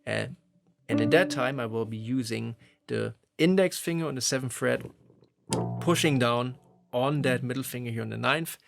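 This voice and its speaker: A man teaching lead guitar phrasing, explaining in a relaxed, conversational way. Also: mid-range voice, moderate pace, vocal fry. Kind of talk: instructional explanation. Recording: loud guitar playing behind voice. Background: electric guitar playing.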